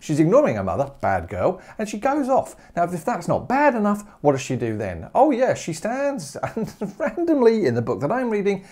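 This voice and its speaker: A man teaching maths in a humorous video lesson, jokey and animated, firing off rhetorical questions. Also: high voice, moderate pace, few pauses.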